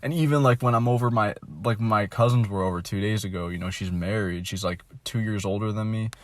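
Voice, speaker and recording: A young man in his twenties vents into his phone in a low, deflated voice. He rambles and swears, with "like" and "you know" in every breath. The sound is dry and close, with no room echo. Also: fairly quick. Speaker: vlogger. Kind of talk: casual venting monologue.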